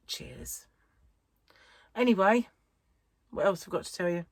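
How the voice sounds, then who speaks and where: A woman's voice: fairly low pitch, expressive, slow, long pauses, darkish tone, no echo. A middle-aged woman with a wheezy chest chatting in a tired, rambling way for her crochet vlog. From United Kingdom. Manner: rambling, chatty, self-interrupting. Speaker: crochet vlogger. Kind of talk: casual chat vlog.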